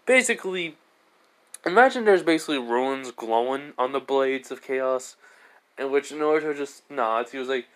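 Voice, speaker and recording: A man's voice: medium pitch, animated, normal speed. A man narrating an improvised fan story in a rambling way, leaning on "basically" and "he goes".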